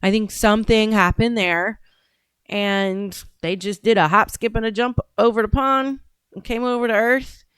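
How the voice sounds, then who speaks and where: Rambling woman host, smooth clear voice. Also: medium pitch, steady tone, normal speed, fairly bright tone, no echo. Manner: rambling, goes off on tangents, swears casually. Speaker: show host. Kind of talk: casual livestream chat.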